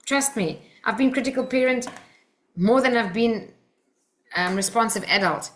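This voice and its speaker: A woman's voice: on the high side, normal speed. An Australian woman teaching a workshop group, talking in an earnest, personal, coaching way.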